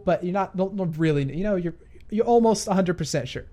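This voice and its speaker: A man narrates a gaming storytime for his channel in a playful tone. He drops joking asides and quickly corrects himself as he goes. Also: high-pitched, warm tone. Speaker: gaming YouTuber.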